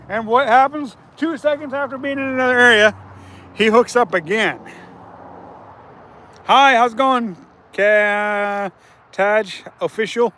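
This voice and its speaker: Chatty high-voiced man hosting a livestream. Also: normal speed, pushed and bright. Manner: chatty, laughs often, greets viewers. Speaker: fishing livestream host. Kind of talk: casual livestream chat. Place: outdoors on a river bank.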